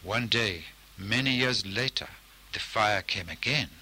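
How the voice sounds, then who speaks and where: Slow, deliberate male storyteller. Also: fairly low pitch, bright, forceful tone, rough recording. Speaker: narrator. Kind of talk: storytelling narration.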